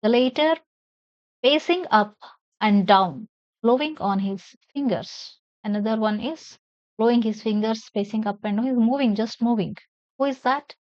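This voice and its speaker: A woman's voice: on the high side, a little mellow, dry recording. A woman, teaching a class: she explains a play line by line in simple words and spells out names. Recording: dull lo-fi sound.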